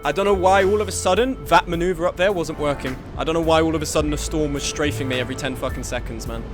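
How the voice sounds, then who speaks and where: A man's voice: a little high, fast talker, over music. Swearing, tilted young man streaming a game. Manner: frustrated, swearing, swings between muttering and outbursts. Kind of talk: live game stream commentary.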